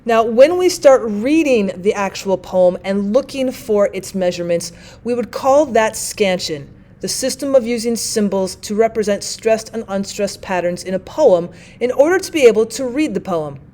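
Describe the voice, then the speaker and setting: A woman's voice: mid-range voice, lively intonation, mellow. A woman teaching a lesson in a methodical, explanatory way. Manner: methodical, reads examples slowly. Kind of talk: explanatory lecture.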